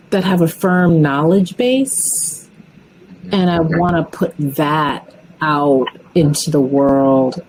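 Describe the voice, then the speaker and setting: A woman hosting a podcast, talking in a relaxed, measured and upbeat way. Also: fairly low pitch, a little hiss or hum, rough recording. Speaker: podcast host. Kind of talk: casual podcast interview.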